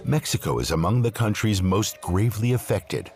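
A man reading scripted documentary narration in a measured, expressive way. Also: fairly low pitch. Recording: narration over clear music.

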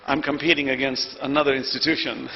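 A man preaching a sermon to a congregation in an earnest, rhetorical way, building to loud emphasis. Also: mid-range voice, little pitch movement, brisk, vocal fry, highs cut off, a little hiss or hum.

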